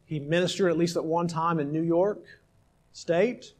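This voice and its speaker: High-voiced emphatic male preacher. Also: fairly even intonation, moderate pace. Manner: emphatic, swings between loud exhortation and hushed asides. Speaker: pastor. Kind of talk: sermon.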